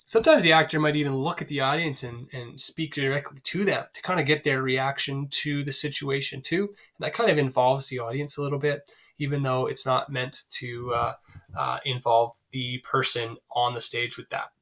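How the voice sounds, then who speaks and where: A male teacher talks through a literature lesson with a bright, forceful edge to his voice. He keeps it chatty, with plenty of fillers and rhetorical questions to his students. His pitch sits in an ordinary middle range. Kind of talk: recorded literature lecture.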